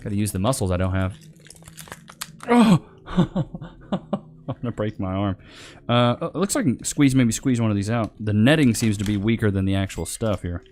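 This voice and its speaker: Low-voiced man hosting a loose live stream. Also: fast, hardly any pauses, a little mellow, a little hiss or hum. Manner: loose, slangy, reads chat names aloud. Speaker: livestream host. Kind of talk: casual live-stream chat. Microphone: desk microphone.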